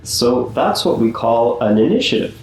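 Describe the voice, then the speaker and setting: A man's voice: medium pitch, big pitch swings, moderate pace, a little mellow, slight background noise. A man narrating as game master of a tabletop game, easygoing, laughing often and explaining the rules patiently. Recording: echoey room with faint music.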